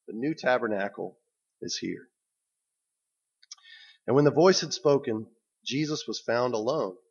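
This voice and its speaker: A man's voice: medium pitch, animated, a little slow, husky, muffled recording. A man preaching a sermon as a pastor. He tells the story to his listeners and keeps drawing them in with "right?".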